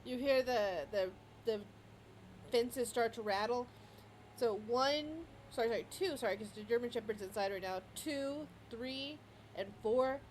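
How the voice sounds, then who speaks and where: Woman game master, slightly high voice. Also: measured pace, slight background noise, rough recording. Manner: lively, stumbling narration with frequent restarts. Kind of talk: narrating a tabletop game.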